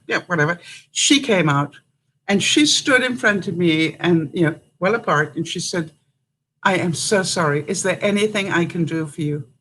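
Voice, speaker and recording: A woman's voice: on the low side, a bit bright, slight background noise, rough recording. An older woman from Canada, telling a story to camera in a chatty way, laughing often and acting out what others said. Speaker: vlogger.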